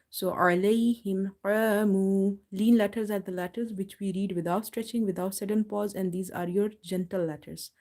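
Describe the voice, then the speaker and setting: A woman teaching Quran recitation in a live online lesson. She patiently explains each rule step by step and slowly demonstrates the pronunciation. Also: mid-range voice, dark tone. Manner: slow, drawn-out model recitation between explanations.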